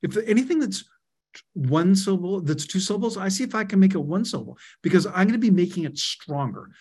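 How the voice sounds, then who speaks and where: A man's voice: high-pitched, quick pace, breathy edge. A middle-aged man speaking as an interview guest over a video call, explaining ideas with energy, stressing words and stacking them in lists. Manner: energetic, emphatic, repeats key words in lists. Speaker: guest, media co-founder and author. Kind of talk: webinar interview, explaining and telling anecdotes.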